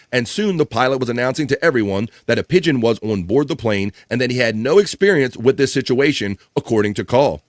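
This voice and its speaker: A man's voice: medium pitch, no room sound, clean studio sound. A man hosting a casual live stream, joking around and reading viewer comments aloud. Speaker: show host.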